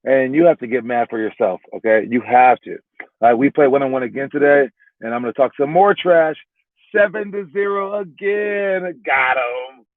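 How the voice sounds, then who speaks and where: A basketball coach gives a casual motivational talk to his young players, rambling, restarting, repeating words, and constantly tacking on "all right?" His middling-pitched voice is brisk. The audio is narrow and phone-like, completely dry.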